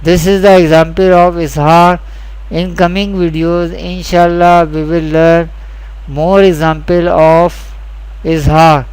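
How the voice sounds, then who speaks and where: A man teaching Quran reading rules in a slow, deliberate lesson, repeating each key point and speaking English with a South Asian accent. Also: a little high, flat delivery, darkish tone, smooth, rough recording. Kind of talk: slow scripted lesson narration.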